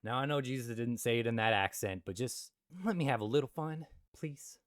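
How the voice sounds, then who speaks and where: A young man hosting a comedic Bible commentary, joking with loud asides and quiet mutters. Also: mid-range voice, animated, fairly quick, few pauses, no echo, studio quality. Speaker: Christian video host.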